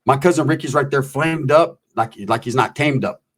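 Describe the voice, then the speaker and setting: A man's voice: medium pitch, moderate pace. A man telling a rambling, profane story full of slang. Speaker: comedic storyteller. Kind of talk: casual storytelling.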